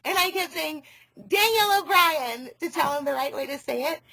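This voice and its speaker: A woman's voice: high-pitched, quick pace, gravelly, pushed and bright, no room sound. A woman on a phone call who rambles, loses her train of thought and laughs often. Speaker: caller.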